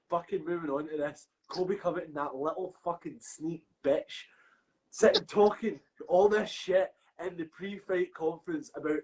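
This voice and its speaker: A man's voice: a little high, a little mellow, rough recording. A Scottish man co-hosting a podcast in casual chat, swearing a lot and ranting with heat. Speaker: podcast co-host.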